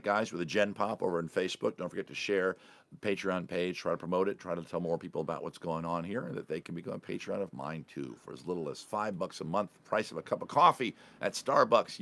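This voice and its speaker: A man's voice: fast, fairly bright tone. A middle-aged man hosting a casual coffee chat with his supporters, rambling and often breaking off mid-sentence. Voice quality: low gravelly voice. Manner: rambling, self-interrupting, chatty. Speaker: entertainer and vlog host.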